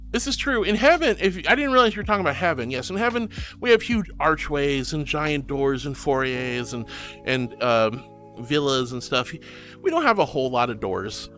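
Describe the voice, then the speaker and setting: A man with a voice that sits a little high, chatting casually on a live stream. He is tender and affectionate and calls listeners honey and sweetie. Faint music plays under his voice. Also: big pitch swings, normal speed, pushed and bright. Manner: comforting and earnest when consoling. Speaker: VTuber streamer. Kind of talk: casual livestream chat, reading viewer messages. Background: faint background music.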